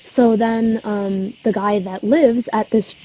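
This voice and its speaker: A woman's voice: medium pitch, fairly even intonation, slow, dark tone, rough recording. Chatty young woman with a cold. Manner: chatty, heavy use of "like". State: has a cold, coughing. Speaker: podcast host. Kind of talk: casual storytelling.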